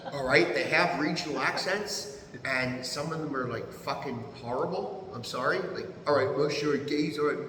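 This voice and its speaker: A man in his fifties with an American accent, a podcast guest telling stories in an animated, profane way and laughing often. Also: fairly high pitch, normal speed, slight background noise. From United States. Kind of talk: casual storytelling. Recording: echoey room.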